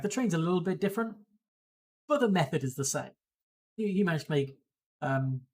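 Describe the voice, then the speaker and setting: An easygoing game master narrates a tabletop role-playing game. The voice sits at a middle pitch and is dotted with ums and uhs. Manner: relaxed, many fillers.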